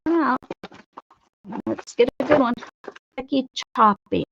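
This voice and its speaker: A woman's voice: high voice, takes it slowly, gravelly, highs cut off, background noise. A woman hosting a casual art livestream from her craft table at home, chatting with viewers and greeting them by name.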